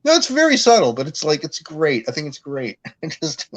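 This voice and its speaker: A man from Massachusetts in casual chat, animated and effusive, often laughing as he talks. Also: a little high, moderate pace, low-quality recording. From Worcester, Massachusetts. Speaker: chat participant.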